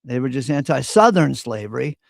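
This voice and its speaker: Gravelly man, opinionated. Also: mid-range voice, expressive, fairly quick, no room sound, studio quality. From Virginia. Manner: opinionated storyteller, clears throat often. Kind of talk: casual chat.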